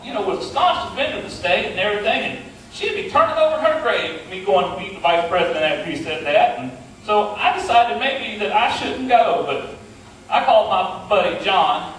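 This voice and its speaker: Heard from a distant mic in an echoey hall, a middle-aged man with a West Virginian Appalachian accent spins a funny tall tale, folksy, playful and poking fun at himself. His voice is high-pitched and fairly bright, with a little hiss or hum in the recording.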